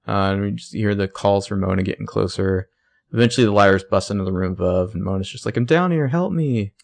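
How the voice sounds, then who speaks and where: A man casually recapping a TV episode on a podcast, acting out the characters' lines in quick put-on voices. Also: sits low, flat delivery, creaky. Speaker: podcast co-host recapping a show. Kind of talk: casual chat.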